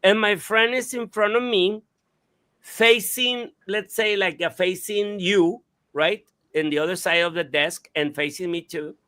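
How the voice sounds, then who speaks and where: High-voiced man telling an animated story. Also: unhurried. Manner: animated, swearing, restarts and mimicked sounds. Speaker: radio show host. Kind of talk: casual storytelling on a talk show.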